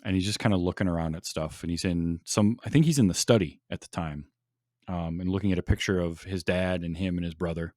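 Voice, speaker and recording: A man's voice: sits low, brisk, a little mellow, dry recording, studio quality. A man hosting a podcast in casual chat, enthusiastic, laughing often and restarting his sentences. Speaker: podcast host.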